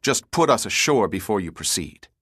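A man voicing a calm, resolute male marine agent who speaks firmly and insistently. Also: fairly low pitch, moderate pace, slightly rough, dry recording, clean studio sound, exaggerated voice. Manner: firm, level and insistent.

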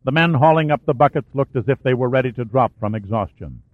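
A man narrates an audiobook in a steady, even voice at a middle pitch. The sound is narrow like a phone line and bone dry, with no room in it. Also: fast, dry recording. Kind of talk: scripted narration of a war thriller.

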